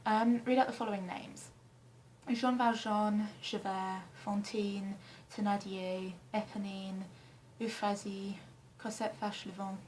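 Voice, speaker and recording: A young woman from England chatting casually to camera in her flat, rambling and self-deprecating with frequent ums and the odd swear word. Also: mid-range voice, a little slow, slight background noise, low-quality recording. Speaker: vlogger answering a tag questionnaire. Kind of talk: casual chat. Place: flat, indoors.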